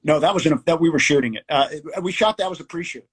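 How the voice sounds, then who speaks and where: A husky, slightly high-voiced middle-aged man spins an animated anecdote over a video call. He jumps into quoted voices and laughs at his own story. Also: fast. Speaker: guest, comedy writer. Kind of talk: casual storytelling.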